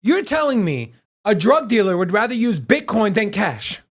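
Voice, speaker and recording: Lively high-voiced man ranting on a livestream. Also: moderate pace. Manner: animated, ranting and joking. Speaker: co-host of a crypto livestream. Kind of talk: casual livestream chat.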